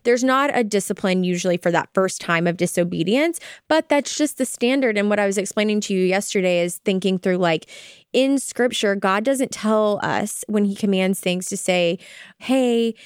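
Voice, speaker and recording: A young adult woman co-hosting a casual parenting podcast, lively and acting out what she tells her kids. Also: medium pitch, normal speed, clear, resonant tone, dry recording, studio quality. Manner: animated, acts out quoted talk with her kids. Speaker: podcast co-host. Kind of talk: casual chat.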